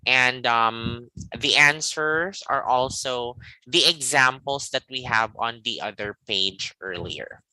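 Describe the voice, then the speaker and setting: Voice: mid-range voice, slow, bright, forceful tone, no room sound, poor audio. An English teacher leading a live online lesson, patient and guiding, checking in often with "okay" and "all right.".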